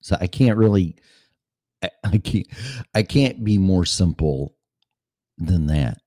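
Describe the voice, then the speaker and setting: A man's voice: low voice, expressive, takes it slowly, mellow, dry recording, clean studio sound. A man in his fifties hosting a show, talking in a rambling, profane, blunt way. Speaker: podcast host. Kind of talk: casual monologue.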